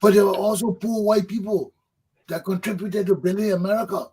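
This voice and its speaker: A man's voice: sits high, fairly even intonation, brisk, mellow, husky, poor audio. A man, hosting a talk show, delivering a fervent political monologue that preaches, repeats points for emphasis and swears. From Liberia.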